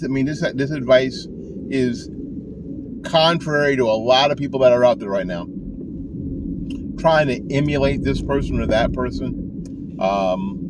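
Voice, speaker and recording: An older man talks through saxophone advice in a folksy, rambling way, stumbling over his words and restarting often. His voice sits at an ordinary middle pitch. A steady hum of road noise runs clearly behind him inside the car. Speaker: saxophone teacher. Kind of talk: casual talking-to-camera advice.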